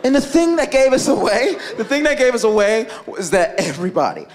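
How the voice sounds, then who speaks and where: Animated stand-up comedian, lively pitch. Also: male voice, brisk. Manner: animated, lots of "like", laughs through lines. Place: comedy stage before a live audience. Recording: live audience crowd noise. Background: audience laughter.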